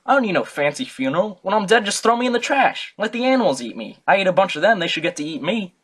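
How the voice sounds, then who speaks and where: A young man voicing a brash, cranky old male philosopher who mocks and shouts his complaints in a comic history talk. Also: sits high, big pitch swings, quick pace, husky, pitched above the performer's own voice, full character voice.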